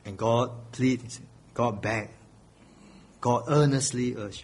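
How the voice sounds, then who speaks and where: A man's voice: mid-range voice, slow, slightly rough. A middle-aged male pastor preaching a sermon, earnest and pleading, repeating his key phrases.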